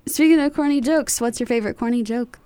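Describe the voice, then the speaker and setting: A woman's voice: a little high, fast, mellow, smooth, no room sound. A woman hosting a radio interview, asking questions in an upbeat, curious way.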